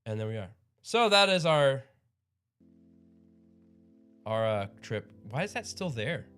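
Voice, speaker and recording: A man's voice: mid-range voice, very animated, slow, a bit bright, clean tone, soft background music. A man hosting a livestream in casual chat, rambling and upbeat with frequent chuckles. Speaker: livestream host.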